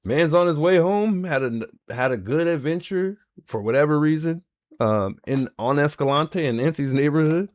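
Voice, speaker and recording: A man's voice: fairly high pitch, animated, normal speed, darkish tone, no room sound. A man hosting a livestream, reacting in casual commentary and repeating himself in disbelief. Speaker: livestream host.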